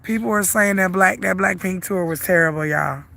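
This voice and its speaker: A middle-aged woman with a Southern US accent, congested and hoarse from the flu, chatting and rambling as she walks and livestreams in a park. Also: fairly low pitch, normal speed, sharp tone. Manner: chatty, rambling, laughs often. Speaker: vlogger. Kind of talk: casual livestream chat while walking. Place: outdoors at a lake park.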